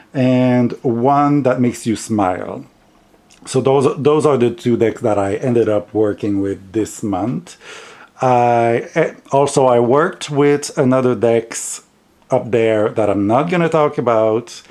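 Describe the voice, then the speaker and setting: Slow, hesitant man with a French accent. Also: medium pitch, darkish tone. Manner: unhurried, hesitant, many restarts and fillers. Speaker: tarot vlogger. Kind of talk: casual monthly wrap-up chat.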